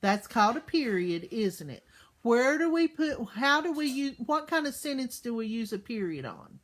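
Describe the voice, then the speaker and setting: This woman teacher records a lesson for young children, her voice on the high side and sing-song. She's patient and slow, full of questions, checking in with "okay?".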